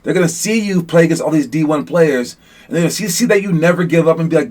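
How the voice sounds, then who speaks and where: A man coaching young basketball players in a casual motivational talk, rambling with many restarts and fillers, and getting animated as he goes. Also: a little high, fast talker.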